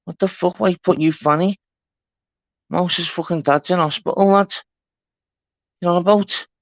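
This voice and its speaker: A man's voice: high voice, fairly even intonation, a little slow, dry recording. A man hosting a casual livestream chat, blunt, swearing and repeating himself. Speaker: livestream host. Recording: dull lo-fi stream audio.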